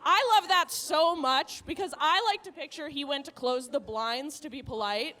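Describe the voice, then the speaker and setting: A woman's voice: high-pitched, moderate pace, bright, forceful tone. A woman doing a stand-up comedy set on a comedy club stage, brash and profane, laughing at her own jokes.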